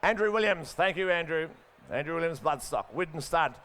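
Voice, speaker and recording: Fast-chanting auctioneer man. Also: fairly high pitch, expressive, fairly bright tone. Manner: rapid rhythmic bid chanting, coaxing bidders. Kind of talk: live horse auction calling. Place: sale ring.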